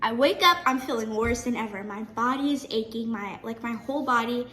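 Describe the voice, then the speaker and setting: A teenage girl telling a personal story to her camera in a chatty, animated way, often restarting her sentences. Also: a little high, fairly quick, roomy sound, slight background noise. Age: teen. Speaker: vlogger.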